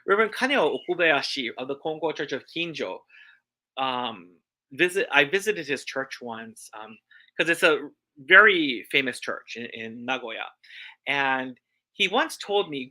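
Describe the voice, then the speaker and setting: A man's voice: on the high side, expressive, normal speed, sharp tone. A man with a Hawaiian accent giving a church talk, telling personal stories earnestly and repeating phrases for emphasis. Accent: Hawaiian English. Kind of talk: sermon-style personal storytelling.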